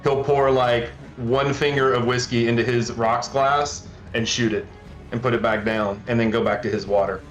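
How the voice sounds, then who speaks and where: A man's voice: medium pitch, steady tone, moderate pace. A man playing a tabletop role-playing game, describing what his character does. His voice is mid-range, and he starts and restarts his sentences as he goes. The room sounds echoey, with faint music behind. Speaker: player. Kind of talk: casual tabletop play.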